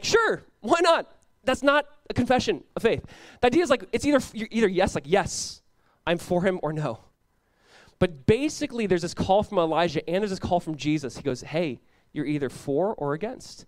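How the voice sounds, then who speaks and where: Young male pastor, high voice, dry close sound, loose conversational sermon delivery. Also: no room sound. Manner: casual, animated preaching with frequent "like" and laughs.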